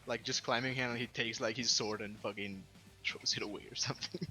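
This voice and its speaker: A man's voice: medium pitch, steady tone, fairly quick, bright, forceful tone, soft background music. A man playing a tabletop game over a voice call who swears a lot and describes his moves in rambling sentences full of fillers. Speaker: player. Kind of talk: casual tabletop game play. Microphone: computer headset or desk mic on a voice call.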